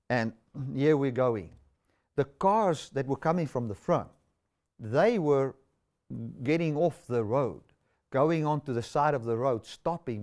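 A man preaching a sermon, telling a story and swinging between loud exclamations and quiet asides. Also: medium pitch.

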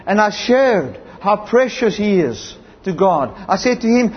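His voice sits high with lively intonation, a normal speed, and a breathy edge. The South African man is preaching, telling stories with emphasis and saying amen and hallelujah. It's a slightly dull lo-fi recording with a faint hum of background noise.

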